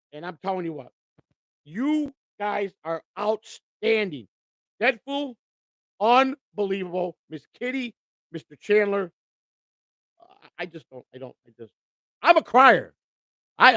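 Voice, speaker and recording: A man's voice: high-pitched, a bit bright, dry recording. A man hosting a live stream in casual chat, overjoyed and near tears, talking emotionally with lots of stammering and repeated words.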